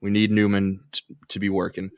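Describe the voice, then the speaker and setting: Laid back podcast host guy from the east coast, lowish voice, agrees a lot. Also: completely flat delivery, a little fast, noisy background. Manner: easygoing, frequent agreeing interjections. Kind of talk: casual podcast chat.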